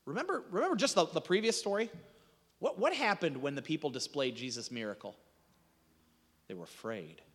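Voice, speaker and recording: Male pastor, high-pitched and animated, preaching in a reverberant church hall. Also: fast talker. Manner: conversational preaching with frequent restarts and rhetorical questions. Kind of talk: sermon.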